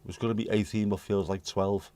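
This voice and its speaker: Fast and mellow, with a lowish, level voice, this British man from the United Kingdom hosts a livestream. He chats casually to his live chat readers, cheekily rambling through messages, joking and swearing.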